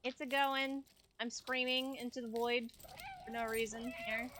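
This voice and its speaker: A woman's voice: on the high side, level tone, a little slow, background noise. A woman streaming a game live, chatting playfully with viewers and meowing along as she plays. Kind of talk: live gameplay commentary. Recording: game music clearly behind voice. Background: game soundtrack music.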